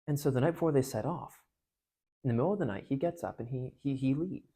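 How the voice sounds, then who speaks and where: Husky man retelling a story in class. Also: mid-range voice, fast talker, mellow. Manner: conversational, with frequent restarts and fillers. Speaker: parish speaker on literature. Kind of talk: casual talk retelling and analyzing a book.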